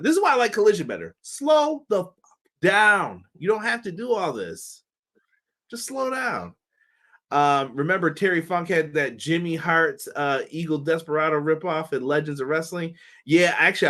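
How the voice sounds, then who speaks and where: Casting: male wrestling-show host, lively swooping delivery, slightly high voice, loose and jokey. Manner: loose, animated, laughing, cursing, doing mock voices. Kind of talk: casual show review.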